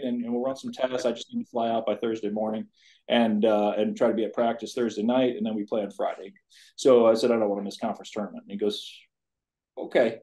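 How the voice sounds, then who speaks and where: A man in his fifties with a somewhat low voice recounts a personal story for a podcast interview. He talks as a college tennis coach, earnestly and loosely, wandering through many asides as he goes. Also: level tone, brisk, warm tone. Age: 50s.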